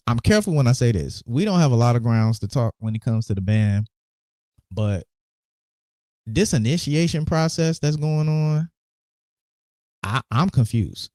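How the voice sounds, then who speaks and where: A man's voice: on the low side, warm tone, no echo, clean studio sound. A man hosting a casual sports podcast, laid back, repeating words and restarting often. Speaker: podcast host.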